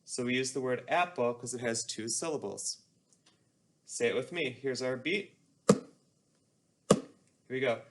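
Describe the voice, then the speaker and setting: A man's voice: mid-range voice, moderate pace, slight background noise. A man teaching a music class, explaining patiently and leading call-and-response chanting.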